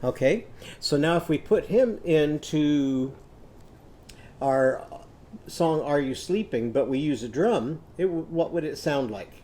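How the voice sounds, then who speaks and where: A man teaching a children's phonics lesson, patiently sounding out words slowly for young learners. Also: fairly high pitch, animated, dark tone. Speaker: literacy teacher.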